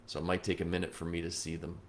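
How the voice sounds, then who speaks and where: Low gravelly guy on a livestream at his computer, quiet and soothing then all fired up reading comments. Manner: soft and slow in guided reflection, excitable when reading comments. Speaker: psychic medium host. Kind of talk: late-night livestream talk reading viewer comments. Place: indoors at a computer.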